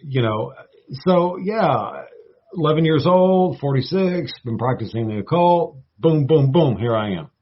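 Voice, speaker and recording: A man in his forties with a Southern US drawl talks as a guest, folksy and playful, sprinkling in baby and y'all. His voice is husky. The audio is muffled and lo-fi. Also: a little high, lively intonation, unhurried. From North Florida, United States. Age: 40s. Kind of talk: casual talk show conversation.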